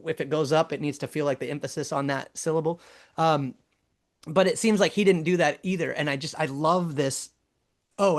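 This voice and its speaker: A man co-hosting a casual podcast, musing and analysing song lyrics with enthusiasm. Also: a little high. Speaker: podcast co-host, band member. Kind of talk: casual album discussion.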